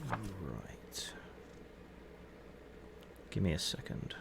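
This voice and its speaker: Male game master, low voice, unhurried scene-setting narration. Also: creaky, noisy background. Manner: relaxed, descriptive, hedging with "sort of". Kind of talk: narrating a tabletop game online.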